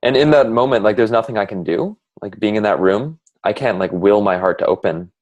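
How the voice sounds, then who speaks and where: A man with a deep, low voice speaks in a reflective, halting way, filling pauses with fillers. He is in a candid, heartfelt one-on-one conversation. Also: a little mellow, muffled recording. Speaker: conversation partner sharing reflections.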